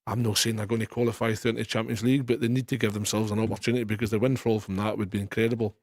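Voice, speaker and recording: A man's voice: fairly low pitch, level tone, rapid-fire, a little mellow, no room sound, studio quality. A man with a Scottish accent giving assured football opinions as a radio pundit. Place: radio studio.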